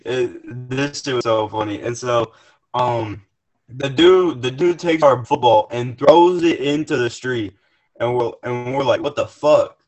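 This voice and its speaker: A man's voice: mid-range voice, unhurried, a little mellow. A young man, a podcast guest, telling a profane, rambling story in casual chat with many restarts. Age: young adult.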